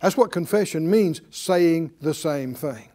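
Alternating between booming emphasis and quiet asides, a male pastor preaches and poses rhetorical questions to his congregation. He sounds animated, slightly high-pitched, and a bit slow.

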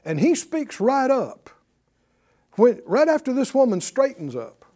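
A Bible teacher giving a broadcast lesson in an animated, conversational way, asking the audience questions and chuckling while teaching. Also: medium pitch, measured pace.

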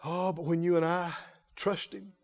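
A male pastor preaching a lively sermon, often laughing and calling out to the congregation. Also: high-pitched, moderate pace. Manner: animated, laughing, call-and-response preaching.

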